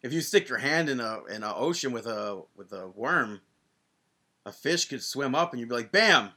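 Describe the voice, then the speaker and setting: A man's voice: mid-range voice, expressive, moderate pace, bright, forceful tone. A man hosting a podcast in casual chat, jokey and often breaking off to restart his sentences. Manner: jokey, self-interrupting. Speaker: podcast host.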